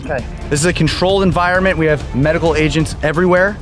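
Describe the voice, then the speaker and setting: A man's voice: a little high, quick pace, music in the background. A young man vlogging a tough fitness challenge, talking energetically and swearing when it hurts. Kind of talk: fitness challenge vlog with voice-over.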